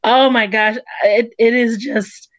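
A woman's voice: on the high side, steady tone, takes it slowly, no room sound. Earnest woman with a dry, close sound. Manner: earnest and encouraging, speaks to a guest directly. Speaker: podcast co-host. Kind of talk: heartfelt casual chat.

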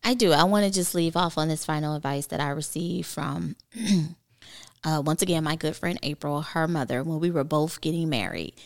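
A woman's voice: low-pitched, moderate pace. A woman co-hosting a podcast in casual chat, mostly giving brief agreeing replies. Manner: brief agreeing interjections, laughs easily. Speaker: podcast co-host.

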